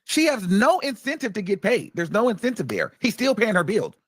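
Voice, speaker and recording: A man's voice: sits high, big pitch swings, fairly quick, a bit bright, dry recording. Emphatic male commentary host. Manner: emphatic, repeats points for stress. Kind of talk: reaction commentary.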